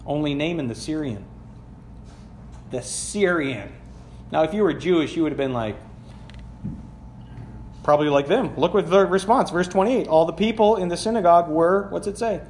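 A man's voice: high-pitched, roomy sound, slight background noise. A man preaching a sermon, reading scripture aloud and explaining it in a conversational way, asking the congregation questions as he goes. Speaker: pastor. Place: church sanctuary.

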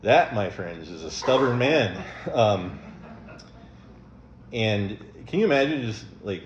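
Low-voiced male pastor preaching in a roomy hall. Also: expressive, takes it slowly, dull audio, a little hiss or hum. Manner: conversational, with frequent ums and chuckles. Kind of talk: sermon.

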